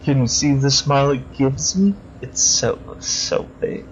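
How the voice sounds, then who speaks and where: A man's voice: medium pitch, normal speed, a little mellow, natural voice. A man voicing a gleeful, sadistic male villain in a video game, with a sing-song, purring menace, on a dull lo-fi recording with faint hiss. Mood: creepy gleeful.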